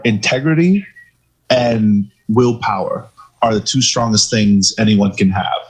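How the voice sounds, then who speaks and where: A man co-hosting a podcast, telling stories in a casual, profane, animated way. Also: mid-range voice, slightly rough, rough recording. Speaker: podcast co-host. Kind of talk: casual storytelling chat.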